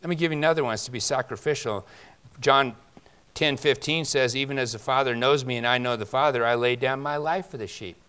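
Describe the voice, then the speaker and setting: A man's voice: medium pitch, a little fast, smooth. Man preaching with rhetorical questions. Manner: swings between loud emphasis and quiet asides. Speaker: pastor. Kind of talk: sermon.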